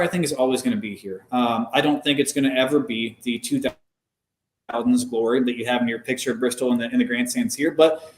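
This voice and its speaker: Young male guest, ex-driver, measured and explanatory, roomy echo, mid pitch. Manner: measured, explanatory, frequent "um" fillers. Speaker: guest, former race car driver. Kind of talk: casual conversational interview.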